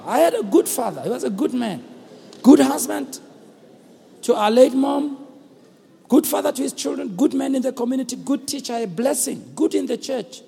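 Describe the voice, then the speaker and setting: A South African man preaching a sermon as pastor, earnest and building to emphatic shouts. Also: very high-pitched, gravelly, husky. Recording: long hall reverb.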